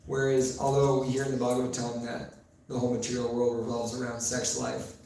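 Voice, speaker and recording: A man preaching in a temple hall at a mid pitch, unhurried and storytelling, with pauses and fillers. His voice booms with heavy echo, picked up from far off, and a faint hiss sits underneath. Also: completely flat delivery, darkish tone. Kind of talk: sermon. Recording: very echoey room, mic far off, faint noise.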